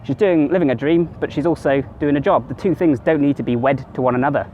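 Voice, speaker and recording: Fast-talking man vlogging. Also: on the high side, muffled recording, a little hiss or hum. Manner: rambling, conversational, corrects himself mid-sentence. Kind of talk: casual self-help monologue to camera.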